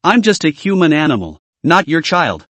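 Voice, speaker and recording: A man's voice: a little high, very animated, normal speed, a bit bright, no room sound. Man reading a cold, defiant young man. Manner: curt, determined.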